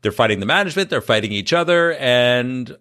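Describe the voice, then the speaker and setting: A man's voice: mid-range voice, lively intonation, a little fast, sharp tone. A man co-hosting a casual chat show, telling a news story with sarcastic asides. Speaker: podcast co-host.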